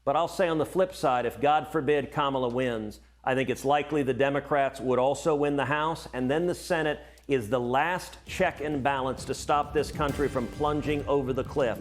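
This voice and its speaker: A man's voice: medium pitch, steady tone, normal speed, hardly any pauses, soft background music. A middle-aged man, a senator guest on a cable news interview, speaking emphatically and often repeating words as he starts sentences.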